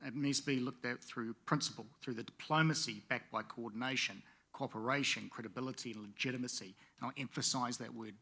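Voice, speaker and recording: Bright-voiced man giving a conference speech. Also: mid-range voice. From Pacific Islands. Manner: measured, with frequent "uh" fillers. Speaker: panelist. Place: conference venue.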